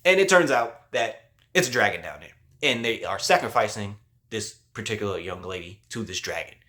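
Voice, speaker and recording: A man's voice: fairly low pitch, expressive, moderate pace, pushed and bright. A male host giving a casual spoiler movie review, retelling the plot in a loose, slangy way with lots of "like".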